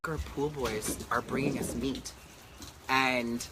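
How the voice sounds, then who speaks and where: A man's voice: mid-range voice, fairly even intonation, slow, noisy background. A man, a drag queen hosting a casual chat on a back deck, talking in a sassy, campy and profane way into a handheld camera. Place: outdoor back deck in humid rainy weather.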